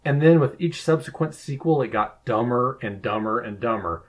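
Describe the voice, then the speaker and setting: Measured man podcast host. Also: medium pitch, animated, rough recording. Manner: measured, deliberate, formal when giving contact details. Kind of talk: casual podcast chat.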